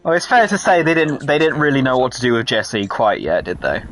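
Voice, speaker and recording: A man's voice: medium pitch, animated, a little fast, music in the background. A man co-hosting a casual chat while playing a game, dry and sarcastic, swearing freely. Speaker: podcast co-host and gamer.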